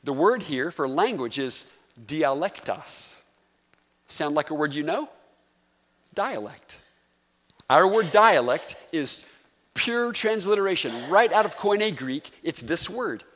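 In an easy, conversational sermon, a North Carolina pastor with a Southern accent keeps putting questions to the pews. He speaks slowly and pauses often, with lively intonation in a somewhat bright voice a touch higher than most men's, echoing with long reverb in the sanctuary.

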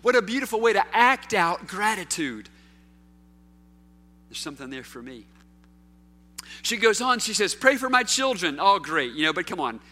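A man preaching a sermon as pastor, rising to loud calls and dropping to a hush, putting question after question to his listeners. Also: sits high, sing-song, moderate pace, long pauses. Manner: preaching with sweeping swings from loud to hushed; calls out rhetorical questions to the congregation.

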